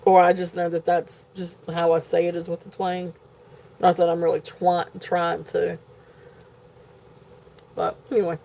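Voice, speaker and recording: A woman with a lowish, mellow voice and a southern Virginia twang runs a live jewelry sale from a home shop setting. Her live-stream sales chat rambles along, heavy on fillers and punctuated by giggly asides.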